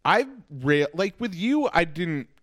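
A man's voice: fairly high pitch, very animated, takes it slowly, dry recording, studio quality. A man from Halifax, a comedian and podcast host rambling in casual chat, swearing freely and mocking himself. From Halifax, Canada. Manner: rambling, profane, self-mocking.

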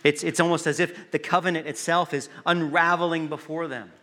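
Bright-voiced man preaching earnestly. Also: fairly high pitch, flat delivery. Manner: earnest, emphatic, with restarts and rhetorical pauses. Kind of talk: sermon.

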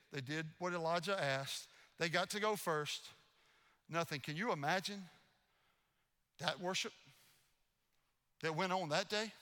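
A man preaching a sermon as pastor, telling stories in an animated, playfully mocking way. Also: on the high side, big-room sound. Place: church sanctuary.

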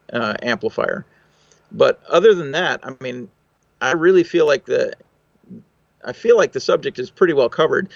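A man's voice: mid-range voice, vocal fry, dry recording, muffled recording. A man, a recording engineer, answering interview questions in a thoughtful, technical way with fillers and restarts.

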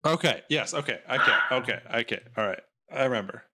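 Man, podcast host, casual joking chat, stumbles over words, animated pitch. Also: fast talker, very noisy. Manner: jokey, laughs a lot, stumbles over words.

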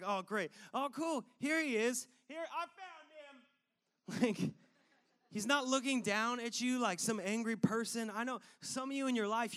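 Animated high-voiced male pastor. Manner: animated, acts out voices and laughs often. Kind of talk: sermon with personal story.

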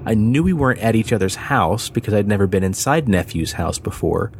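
A man's voice: lowish voice, expressive, brisk, vocal fry, slight background noise. A man co-hosting a paranormal podcast, reading a listener's story aloud and then joking and swearing casually with his co-host. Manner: casual, swearing, laughs often.

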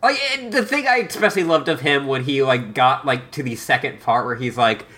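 A man's voice: mid-range voice, lively intonation, fairly quick, pushed and bright, slightly rough. A man co-hosting a casual podcast, rambling with lots of fillers and chiming in with jokes. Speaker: podcast co-host. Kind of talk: casual chat.

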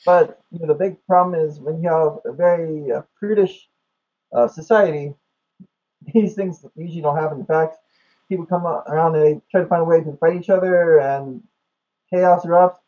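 A man's voice: a little high, steady tone, moderate pace. A man talking casually about comedy, rambling with plenty of fillers. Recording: dull lo-fi recording.

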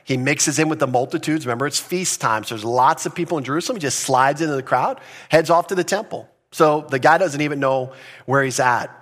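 A male pastor teaching through scripture from the pulpit. His voice sits a little higher than most men's. He speaks earnestly, restarts phrases and slows down to stress key words. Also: fairly bright tone. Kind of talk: expository sermon.

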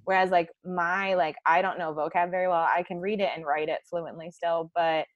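Woman in her 20s, from the US, podcast guest: casual, filler-heavy chat in a lower voice, close and dry. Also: steady tone, moderate pace, no room sound, highs cut off. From United States. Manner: chatty, lots of "like" fillers.

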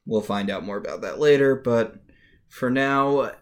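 A podcast co-host speaking at an ordinary middle pitch in casual recap chat. The delivery is dry and wry, with understated jokes. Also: a little slow.

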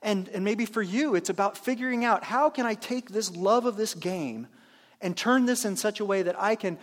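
A man's voice: high voice, long reverb tail. A man preaching a conversational sermon as pastor in a church, now and then acting out imagined churchgoers. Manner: conversational, acts out imagined churchgoers in quick asides. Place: church sanctuary.

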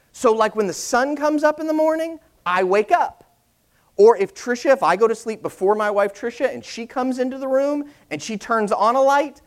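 A middle-aged male pastor giving a conversational sermon, demonstrating his points with props. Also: high voice.

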